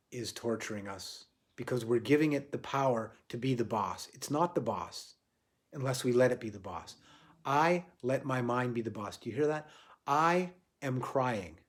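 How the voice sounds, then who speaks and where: Reflective man giving a spiritual talk. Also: medium pitch. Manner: reflective, repeats phrases for emphasis, drops to quiet soft lines. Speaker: spiritual teacher.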